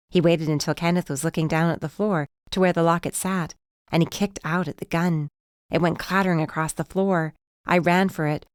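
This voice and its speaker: A woman narrating a mystery audiobook in the first person, in a tense, measured storytelling manner. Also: on the low side, clear, resonant tone, no echo, studio quality.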